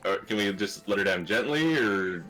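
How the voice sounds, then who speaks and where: A man's voice: lowish voice, animated, moderate pace, fairly bright tone, soft background music, low-quality recording. A man playing in a tabletop game, joking casually with the table. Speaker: player. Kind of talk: casual role-play chat.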